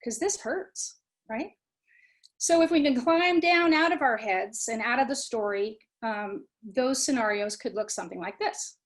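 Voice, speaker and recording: A woman's voice: on the high side, unhurried. A middle-aged woman, a program director, giving an informal talk on mindfulness. She talks conversationally and acts out students' inner voices. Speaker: study abroad program director.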